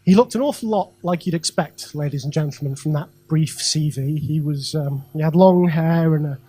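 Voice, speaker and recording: High-voiced man doing stand-up. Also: normal speed, dark tone, slightly rough. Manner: conversational, addresses crowd directly, frequent ums and asides. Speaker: stand-up comedian. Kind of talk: stand-up comedy set. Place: comedy club stage.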